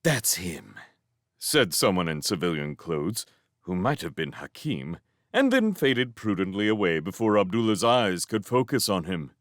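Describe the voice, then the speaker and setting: A man reading a novel aloud as a fan audiobook, with expressive storytelling. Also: sits low, normal speed, dry recording, clean studio sound. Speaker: reader of a novel.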